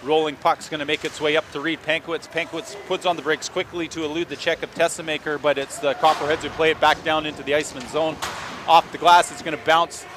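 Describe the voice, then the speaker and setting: A man calling hockey play-by-play in a rapid running stream, with dry joking asides between plays. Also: on the high side, flat delivery, background noise. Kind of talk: play-by-play sports commentary.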